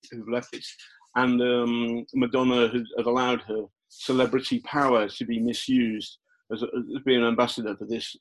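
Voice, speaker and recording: An older man recounts his reporting days in a loose, conversational way, stopping and restarting often with plenty of ums. His voice sits at an ordinary middle pitch. It sounds like a remote podcast guest. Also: poor audio. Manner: halting, many fillers and restarts. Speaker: guest journalist. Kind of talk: casual interview storytelling.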